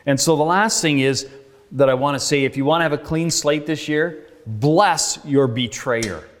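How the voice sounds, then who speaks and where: A man's voice: fairly high pitch, fairly even intonation, brisk, a little hiss or hum. A male pastor tells a story in his sermon, earnest and conversational, acting out the dialogue. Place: church sanctuary. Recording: reverberant church hall.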